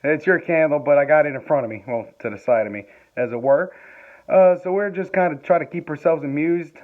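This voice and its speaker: A man's voice: on the high side, a little fast. A man vlogging from home during a power outage, telling a rambling story into his phone, chuckling and swearing as he goes. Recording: tinny phone-like sound.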